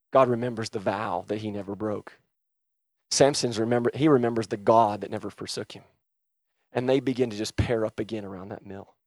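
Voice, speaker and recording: A man preaching a sermon with passion, swinging from loud urgent calls to hushed, quiet retelling. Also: medium pitch, dry recording, studio quality. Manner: impassioned, swings from shouting to hushed.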